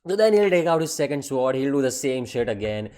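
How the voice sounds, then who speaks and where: A man's voice: mid-range voice, very animated, a little fast, darkish tone. A man delivering a profane, exasperated comedic rant. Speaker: anime commentary creator.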